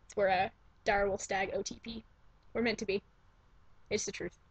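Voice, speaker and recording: A young vlogger chats to her computer's webcam at home, rambling with gushing enthusiasm, profanity, and frequent self-interruptions. She speaks in a medium pitch, level and at a moderate pace, with a breathy edge. The recording is rough, though without room sound.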